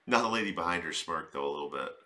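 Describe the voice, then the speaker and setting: A man's voice: low-pitched, expressive, quick pace, heavy background noise. A man doing comic reaction commentary in a crude, rambling, profane way. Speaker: video commentator.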